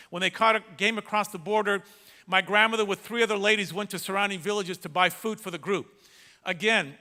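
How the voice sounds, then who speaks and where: Dramatic high-voiced preacher in a hall. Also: male voice. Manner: dramatic, swings from loud to hushed. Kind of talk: sermon storytelling. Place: large church hall. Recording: echoey church hall.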